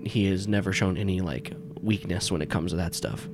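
A man's voice: low-pitched, a little fast. A man narrating a tabletop game as game master, rambling with many fillers and restarts.

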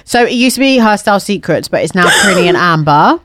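Young woman, podcast co-host, casual chat, giggly, mid pitch, dry close mic. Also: expressive, fairly quick, a bit bright, no room sound. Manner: chatty, giggly, promotional.

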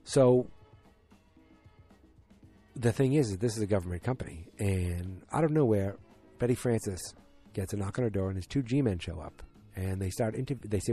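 A man's voice: on the low side, normal speed, long pauses, warm tone, faint music behind. A man casually recapping a TV episode, rambling with many fillers and restarts, and speeding up at the tense parts. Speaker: TV show recapper.

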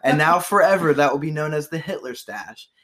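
A man's voice: a little high, brisk, fairly bright tone. A young man hosting a podcast, chatting loosely about history trivia with frequent fillers and profanity. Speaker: podcast host.

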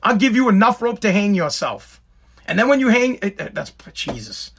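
A man's voice: sits high, sing-song, moderate pace, creaky, a bit bright, slightly rough. A middle-aged man telling a personal story in a rambling, emphatic way, full of swearing. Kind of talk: casual storytelling monologue.

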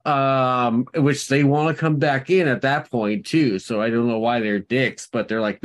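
A man's voice: fairly low pitch, steady tone, moderate pace. A man co-hosting a podcast, telling rambling anecdotes full of restarts in casual chat. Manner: rambling storyteller, lots of restarts. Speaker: podcast co-host.

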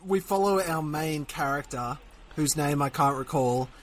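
A man's voice: a little high, measured pace. A man with an Australian accent co-hosting a casual podcast, joking and swearing, now and then singing bits. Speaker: podcast co-host.

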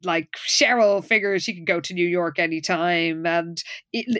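A woman's voice: fairly low pitch, moderate pace, fairly bright tone, smooth. A woman co-hosting a casual recap chat, wryly retelling the plot and quoting lines. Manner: wry, recounts plot with quoted lines. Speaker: podcast co-host.

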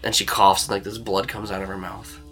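A man's voice: on the low side, flat delivery, brisk, fairly bright tone, soft background music. A man narrating a tabletop role-playing game as game master, in a loose storytelling way with lots of fillers.

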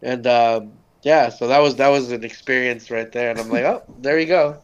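Heard on a muffled recording, a man's smooth, mid-range voice moves at normal speed as he rambles through a story as a podcast guest. He's from Socorro in the US Southwest, relies heavily on "like," swears freely, and acts out quotes.

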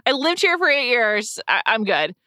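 Chatty woman in her 30s laughing at herself, super lively voice. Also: fairly high pitch, normal speed, no echo, studio quality. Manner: chatty, laughs often, self-deprecating. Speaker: podcast co-host. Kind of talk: casual chat.

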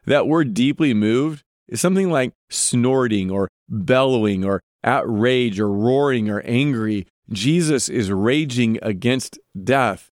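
A man's voice: medium pitch, unhurried, hardly any pauses, no room sound, studio quality. A man hosting a podcast, giving earnest devotional Bible teaching and putting direct questions to his listeners.

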